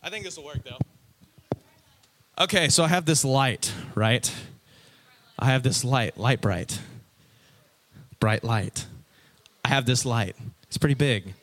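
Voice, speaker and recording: A man preaching a casual, lively sermon from a stage before an audience, talking conversationally and acting out his listeners' reactions. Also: mid-range voice, a little slow, long pauses.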